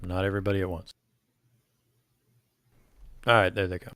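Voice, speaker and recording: A man's voice: sits low, level tone, moderate pace, fairly bright tone, dry recording. A man narrating as game master in a loose, casual way. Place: home setup, online call.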